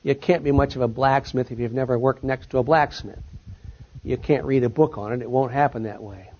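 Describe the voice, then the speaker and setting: Speaking in a steady, mid-range voice at a slightly quick clip, a man delivers a lecture and answers audience questions. He lets his voice drop as sentences close and lifts it for important points, captured on a dull lo-fi recording.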